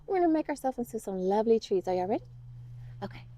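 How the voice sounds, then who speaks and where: A woman's voice: on the high side, big pitch swings, fast talker, warm tone. A woman guiding a kids yoga class, upbeat and encouraging with playful cues.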